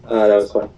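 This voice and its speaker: A young man hosts a show, casually recapping anime episodes in a rambling style packed with fillers and little laughs. His voice is warm and medium-pitched, and the recording quality is low.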